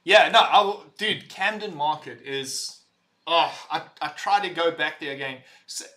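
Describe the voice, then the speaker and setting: A young man hosting a casual livestream, reading chat messages aloud, loud and rambling, laughing and swearing as he talks. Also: a little high, a little slow. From visitor to the UK.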